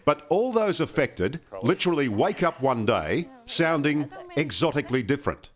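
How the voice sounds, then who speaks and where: A man's voice: fairly high pitch, sing-song, moderate pace. Breezy male reporter. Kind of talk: TV presenting.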